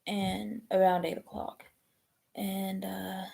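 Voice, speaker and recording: A woman, chatting casually on a live stream, rambling and halting with many ums and restarts. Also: medium pitch, little pitch movement, gravelly, dark tone. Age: 20s.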